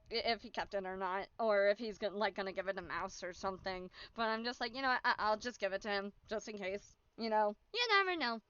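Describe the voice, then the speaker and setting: A young woman streamer gives a casual, bubbly recap, giggling and acting out the things people said to her. Her voice sits high, pushed and bright with a clear, resonant tone, captured in dull, lo-fi, dry stream audio.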